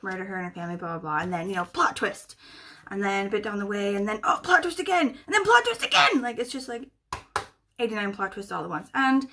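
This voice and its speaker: A woman's voice: mid-range voice, fairly bright tone, a little hiss or hum. Young woman, book vlogger, rambling casual chat, lots of "like". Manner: chatty, rambling, heavy use of "like".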